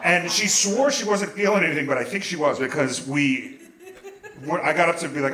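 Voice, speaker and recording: A man telling a profane, animated comic story live on a small theater stage into a stage mic, rambling with restarts. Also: on the high side, a little fast, crowd noise. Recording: echoey theater room.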